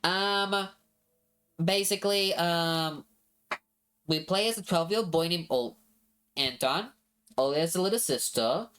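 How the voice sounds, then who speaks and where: A woman's voice: fairly low pitch, slow, long pauses, fairly bright tone, smooth. A woman streamer explaining a game to chat in a rambling, apologetic way, swearing casually.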